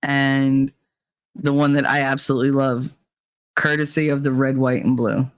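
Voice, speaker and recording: A woman's voice: rumbling low, level tone, moderate pace, no echo. A woman hosting a casual livestream, chatting and reading viewer comments aloud, laughing often. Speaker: livestream host.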